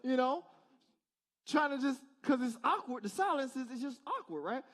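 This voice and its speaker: A man's voice: very high voice, expressive, normal speed, a bit bright. A male pastor giving a conversational sermon in church, asking the congregation rhetorical questions in a casual, direct way. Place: church service.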